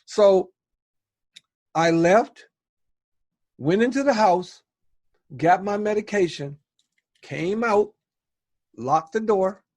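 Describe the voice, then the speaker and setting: A man's voice: on the high side, darkish tone, dry recording, studio quality. A man in a podcast, telling a personal story in a casual, rambling way and often checking in with "right?". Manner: rambling, conversational, tags lines with "right?".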